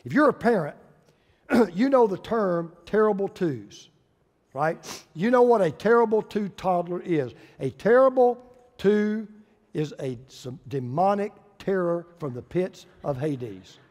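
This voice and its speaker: A male pastor, preaching a sermon with folksy humor and lively storytelling. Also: high voice, unhurried, big-room sound.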